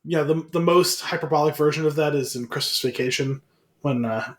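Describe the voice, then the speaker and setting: Wry, higher-voiced man trading quips. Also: brisk, a bit bright. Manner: wry, quippy interjections. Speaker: podcast co-host. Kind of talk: casual chat.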